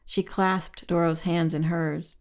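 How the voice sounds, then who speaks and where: A woman reading a novel aloud as narrator, in a measured, evenly paced delivery. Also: fairly low pitch, level tone. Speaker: audiobook narrator. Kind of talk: scripted narration.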